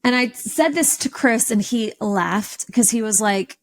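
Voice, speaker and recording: A woman hosting a podcast, telling a personal story in an animated, expressive way with sudden jumps in pitch. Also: measured pace. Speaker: podcast host.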